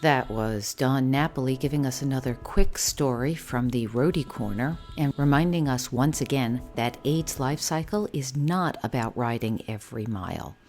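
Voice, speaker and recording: A woman hosting a podcast, reading scripted introductions in a measured way. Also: extremely low pitch, a little mellow, faint music behind. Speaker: podcast host.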